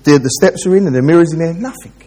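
A man's voice: fairly high pitch, very fast, dark tone, slightly rough, big-room sound, voice pushed up. A man doing an exasperated bloke. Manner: exasperated, repeating questions back. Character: frustrated ordinary English bloke, parrot owner.

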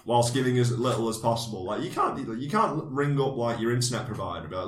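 A man's voice: medium pitch, fast talker, reverberant. A man co-hosting a comedy podcast, making jokes and sudden bursts of mock outrage. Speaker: podcast co-host. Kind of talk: casual comedic chat.

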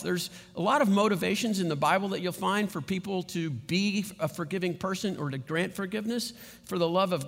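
In a church sanctuary with long, hall-like reverb, a pastor delivers his sermon in a high-pitched, creaky, somewhat bright voice. He talks conversationally and often asks his listeners "right?".

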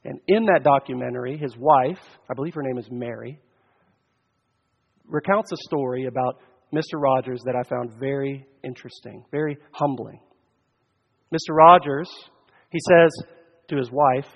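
A man, a pastor preaching a sermon, with earnest delivery that swells loud and then drops almost to a hush. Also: on the high side, normal speed, breathy edge. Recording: dull sound, long church reverb.

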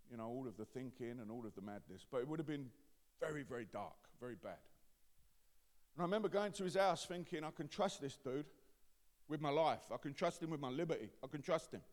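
A man with an East London accent preaching a testimony sermon, dropping to quiet confiding and building to loud shouts. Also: medium pitch. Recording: long hall reverb.

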